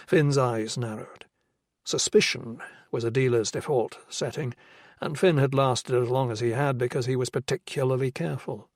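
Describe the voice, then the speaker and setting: A man reads a crime novel as scripted narration, measured and even. His voice sits at a medium pitch. The recording is dry and close, with no room sound. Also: no room sound. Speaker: audiobook narrator.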